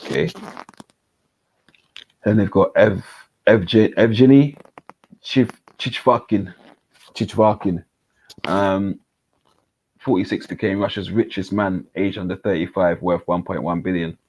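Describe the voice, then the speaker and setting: A man's voice: low voice, unhurried, pauses often, darkish tone, slightly rough. A man reading a news article aloud on a panel chat, stumbling over names and making jokey asides. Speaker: panel host.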